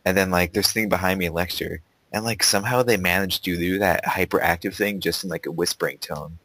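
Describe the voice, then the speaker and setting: A man's voice: low voice, fairly even intonation, quick pace, sharp tone, dry recording, rough recording. A young man hosting a casual podcast chat, rambling with lots of "like" and laughing easily. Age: young adult. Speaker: podcast host.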